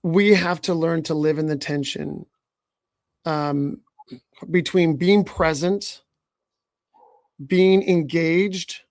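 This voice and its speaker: Man, leadership coach, podcast host, gravelly voice, fairly high pitch, dry close sound, earnest advising tone. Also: fairly even intonation, slow pace, pauses often, a little mellow, dry recording. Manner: earnest, advising, often asks "right?". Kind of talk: podcast conversation.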